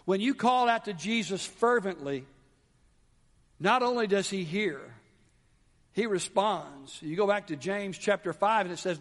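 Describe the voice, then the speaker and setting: A male pastor delivers a sermon in a high voice, dropping to hushed lows and then rising to emphatic calls. His words ring out with a long reverb, as in a large church hall. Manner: dramatic, swings from soft low drops to raised exclamations.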